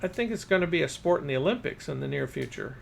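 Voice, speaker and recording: A man's voice: a little high, animated, fast, gravelly, a little hiss or hum. A man doing a formal, brainy boy. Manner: formal, precise.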